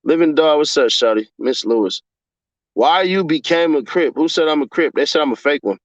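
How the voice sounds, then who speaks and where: Man, young adult, livestream chat, profane and animated, somewhat high voice, muffled lo-fi sound. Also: brisk, dry recording. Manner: profane, animated, laughs often, swings from mumbling to yelling. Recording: dull lo-fi dry sound.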